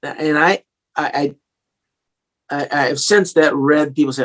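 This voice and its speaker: A man's voice: on the high side, a little slow. A man with a slightly English-tinged American accent, a singer-songwriter telling stories in a casual interview, rambling with many fillers and restarts.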